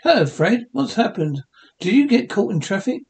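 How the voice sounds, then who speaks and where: A man's voice: high voice, sing-song, moderate pace, creaky, a little mellow, breathy edge, exaggerated voice. A man voicing a meek, good-natured caveman neighbour in a 1960s cartoon, mild and easygoing.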